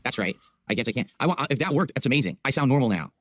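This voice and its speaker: Man, streamer, fast talker, fussing over audio, defensive. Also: mid-range voice, animated, background noise. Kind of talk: casual livestream chat. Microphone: XLR streaming mic.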